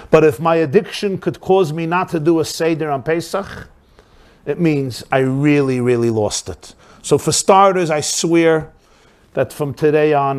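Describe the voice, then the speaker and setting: A man voicing a remorseful, struggling drunk father who confesses low and subdued. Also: natural voice. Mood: resolute. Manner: low, subdued confession that rises to loud pleading prayer.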